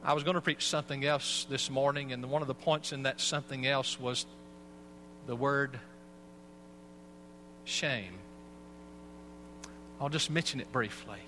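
A man's voice: medium pitch, fairly even intonation, unhurried, pauses often, bright, forceful tone, a little hiss or hum. A man, a pastor, preaching a sermon and telling a personal story in an earnest way. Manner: earnest storytelling, acts out voices.

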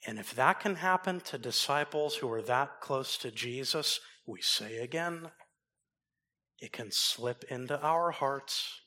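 A man preaching a sermon, swinging from loud emphasis down to low, soft asides. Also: animated, a little slow. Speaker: pastor.

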